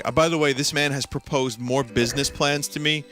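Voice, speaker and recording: A man's voice: mid-range voice, steady tone, fairly quick, music in the background. A man streamer telling a story in a casual, rambling way, full of restarts and side remarks. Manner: rambling with frequent restarts and asides.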